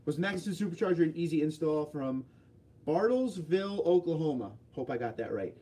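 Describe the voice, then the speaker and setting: A man's voice: fairly high pitch, sing-song, a little fast, dark tone, breathy edge. A man hosting a casual livestream, reading viewer comments aloud and answering them offhandedly. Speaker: livestream host.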